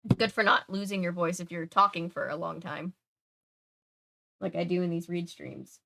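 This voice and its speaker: A woman's voice: fairly low pitch, steady tone, moderate pace, gravelly, bright, forceful tone. Chatty young woman streamer, filler-heavy. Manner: chatty, many filler words, talks to chat. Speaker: live-stream host reading a book aloud. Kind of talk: casual live-stream chat.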